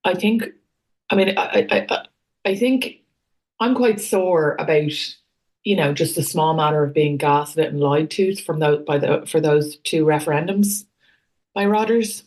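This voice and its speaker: Deep-voiced woman, wry political chat. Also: a little slow, a little mellow. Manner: blunt, wry opinions with dry humour. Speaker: podcast co-host.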